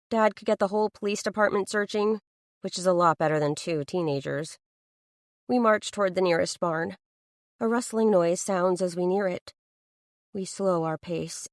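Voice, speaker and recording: A woman's voice: mid-range voice, dry recording, studio quality. A woman narrating a first-person audiobook thriller, reading an anxious inner monologue in an earnest way.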